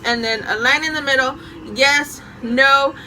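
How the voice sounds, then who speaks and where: A young woman tells a story from her school days in a high, bright voice, animated and laughing as she goes. There is a faint hiss of noise under her voice. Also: measured pace, rough recording. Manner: animated, laughing and swearing while telling the story. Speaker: vlogger telling a story. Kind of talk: casual storytime.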